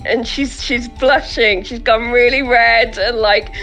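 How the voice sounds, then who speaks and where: A woman's voice: a little high, fairly even intonation, slow pace, a bit bright, faint music behind, poor audio. A woman player in a tabletop game, casually describing her character and laughing and swearing as she goes.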